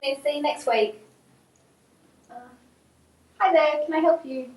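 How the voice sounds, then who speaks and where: A woman's voice: sits high, slow, a little mellow. An actress playing a chemist who politely questions a customer about the drugs he asks for. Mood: questioning. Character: wary female chemist at the counter. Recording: echoey room, far from mic, faint noise.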